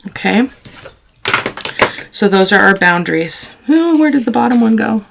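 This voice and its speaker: A woman's voice: medium pitch, animated, normal speed, vocal fry, long pauses, noisy background. A woman hosting a casual crafting tutorial, chatting to her viewers and teasing herself as she works. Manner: chatty, talks to viewers while working, self-teasing. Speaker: craft channel host.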